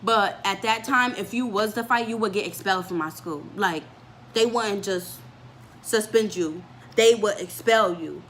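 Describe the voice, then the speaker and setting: A young woman vlogger telling a story from her life in a casual, animated way, with lots of "like" and acted-out voices. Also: mid-range voice, measured pace, slight background noise. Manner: animated storytelling, fillers with "like", acts out quoted voices.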